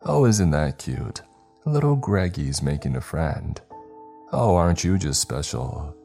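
A man's voice: rumbling low, lively intonation, unhurried, vocal fry, dark tone, soft background music, exaggerated voice. A man voicing a taunting, sinister male entity with a childish, growly voice in a horror story. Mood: mocking. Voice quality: growly, mocking.

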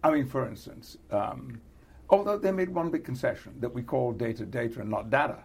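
An older man with a British accent, chatting in an interview, halting with many restarts and frequent chuckles. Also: medium pitch, creaky, husky. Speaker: actor being interviewed. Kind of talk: casual interview chat.

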